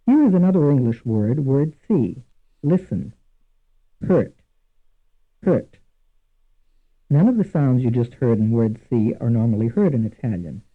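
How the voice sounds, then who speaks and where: A man giving scripted instructional narration for a language course, measured and deliberate, repeating each example word twice. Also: mid-range voice. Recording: tinny lo-fi archival course audio.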